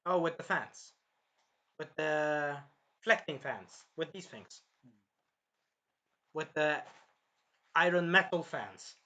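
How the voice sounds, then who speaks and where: A man recapping and reviewing an anime episode in a rambling, self-correcting way, with a sore throat that he keeps clearing, acting out the characters' lines. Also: on the high side, animated, slow pace, long pauses, pushed and bright, highs cut off. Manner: rambling, jumps around and corrects himself, acts out characters' lines.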